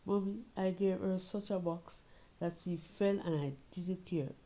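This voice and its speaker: A woman's voice: fairly low pitch, steady tone, measured pace, dark tone, low-quality recording. A woman reading a story as an anxious young Jamaican girl, confiding and pleading with her mother. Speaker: reader of a short story.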